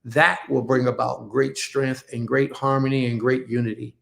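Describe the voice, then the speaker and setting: A man hosts an online religious service, his voice deeply gravelly at a middling pitch. He preaches casually and emphatically, doubling back on phrases. It sounds like a computer mic on a live stream. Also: steady tone, normal speed. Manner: repetitive, emphatic, addresses listeners as family. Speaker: congregation leader.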